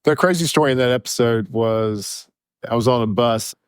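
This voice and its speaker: A man co-hosting a casual podcast, relaxed, giving short replies and telling stories with an easy laugh. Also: mid-range voice, normal speed, clean tone, no room sound, studio quality. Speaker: podcast co-host. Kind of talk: casual chat.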